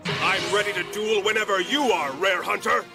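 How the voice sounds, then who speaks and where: An earnest young cartoon hero. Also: male voice, sits high, normal speed, vocal fry. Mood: resolute. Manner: earnest, resolute. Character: earnest, determined young male duelist hero. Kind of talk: cartoon dub acting. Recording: played over loud music.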